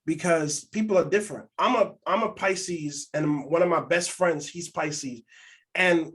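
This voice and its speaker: A man's voice: on the high side, unhurried, a bit bright, husky. A man co-hosting a casual podcast, telling candid stories and acting out quotes in other voices. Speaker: podcast co-host.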